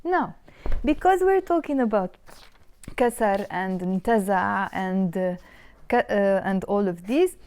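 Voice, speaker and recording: A woman with a Lebanese accent teaching Arabic online, explaining patiently and repeating words slowly. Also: mid-range voice, lively intonation, darkish tone, clear, resonant tone. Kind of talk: online language lesson.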